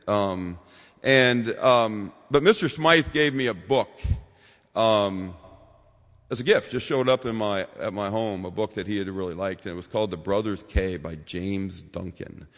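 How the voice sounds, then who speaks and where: A man's voice: lowish voice, in a large hall. A man in his sixties giving a rambling, informal talk as a guest speaker in a church, with many fillers and asides.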